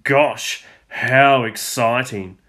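A man reading a storybook aloud, voicing a bored young boy who drawls his lines flatly. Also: high voice, slightly rough, pitched above the performer's own voice, exaggerated voice. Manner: flat, unimpressed, drawn-out delivery.

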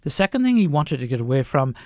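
A middle-aged man, a doctor, telling anecdotes in an unhurried way during a radio interview. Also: on the high side, big pitch swings, darkish tone, no echo, studio quality. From Ireland. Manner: anecdotal, unhurried, lists points.

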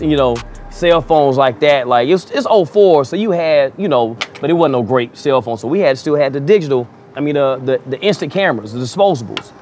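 A man working as a DJ tells a wild story in a casual, profane way, chuckling as he goes. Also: a little high. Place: outdoors in a city.

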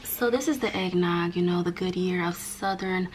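Talking at a normal pace in a lowish voice, this young woman from the American South banters with her viewers as if they were friends. She's vlogging at home to the camera, with a little hiss or hum in the audio.

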